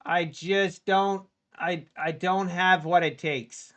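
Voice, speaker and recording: Nervous high-voiced man streaming trades. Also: fairly even intonation, slow. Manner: anxious, pleading with the market, swings from muttering to yelling; talks to chat directly. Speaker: livestreaming futures trader. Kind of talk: live trading stream commentary.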